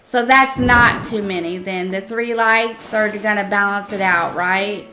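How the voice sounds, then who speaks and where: A woman's voice: medium pitch, steady tone, a little slow, hardly any pauses, bright, forceful tone, faint music behind. A woman live-streaming a cozy game, chatting casually and asking her viewers for their opinions, giddy and proud.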